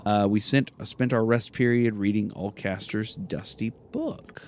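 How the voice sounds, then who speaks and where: A man's voice: fairly low pitch, measured pace, a little hiss or hum. A man hosting a let's play, giving casual gameplay commentary, rambling and correcting himself with many fillers.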